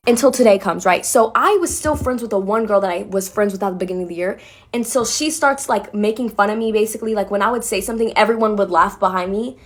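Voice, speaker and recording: A woman telling a personal story in a casual vlog, chatty and blunt, with a sassy edge and lots of "like.". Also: medium pitch. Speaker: vlogger.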